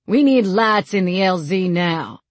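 A woman voicing a capable man who gives brisk orders and medical assessments in an audiobook. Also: on the low side, expressive, dry recording. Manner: brisk, commanding.

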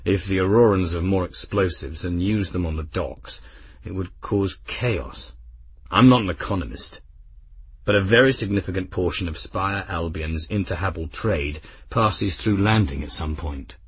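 A man doing a quiet, steady veteran captain. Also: sits low, normal speed, husky, dry recording. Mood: calm. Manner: quiet, calm, matter-of-fact.

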